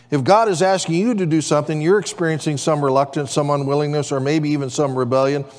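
A pastor whose voice is a little high and darkish delivers a sermon in a church sanctuary, drawing amens from the congregation through call-and-response. The recording carries the long reverb of the church hall.

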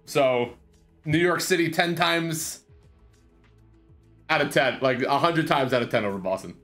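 A man's voice: a little high, unhurried, faint music behind. A young man streaming, chatting casually with jokes and swearing. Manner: joking, swearing, animated banter. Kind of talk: casual livestream chat.

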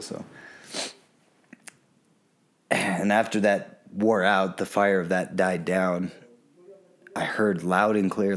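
Podcast guest, male, very low voice, earnest storyteller. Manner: candid, earnest, acts out quoted voices. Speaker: podcast guest, plant medicine guide. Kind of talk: casual storytelling in an interview.

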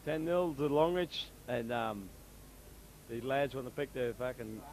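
A man co-commentating a local rugby league match in a rambling, halting way, full of fillers. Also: medium pitch, gravelly, darkish tone, a little hiss or hum.

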